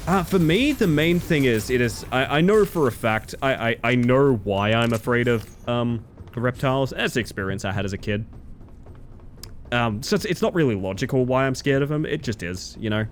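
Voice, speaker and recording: Lively, rambling male streamer. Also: mid-range voice, moderate pace, slight background noise. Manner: chatty, rambling, animated. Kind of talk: casual chat while gaming.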